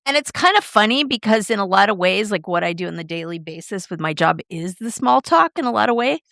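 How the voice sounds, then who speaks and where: A woman's voice: mid-range voice, creaky, no room sound. A middle-aged woman chats casually as a podcast co-host, talking freely and expressively with sudden swings in tone. Her voice sits in a middle register and is recorded close and dry, with no room sound. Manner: chatty, expressive, quick shifts in tone. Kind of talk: casual chat.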